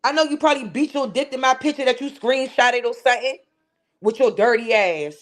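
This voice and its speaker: A fiery woman with a D.C. tears into someone on her live stream. Her voice sits a bit high and flies higher when she yells. The talk is profane and cutting, with sudden shouts. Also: brisk. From Washington, D.C. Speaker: channel host ranting on a live stream. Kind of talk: heated live-stream rant.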